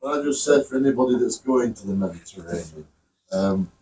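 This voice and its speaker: A man's voice: fairly low pitch, animated, brisk, dark tone, distant mic. A man from the lifeboat crew offering casual advice from the audience in an offhand way. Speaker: lifeboat volunteer guest. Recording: roomy, off-mic, faint ambient hiss.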